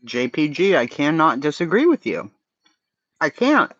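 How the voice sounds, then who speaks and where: A man's voice: a little high, sing-song, measured pace, fairly bright tone, dry recording, highs cut off. Blunt man with a Boston accent. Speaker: livestream host. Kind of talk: casual livestream chat.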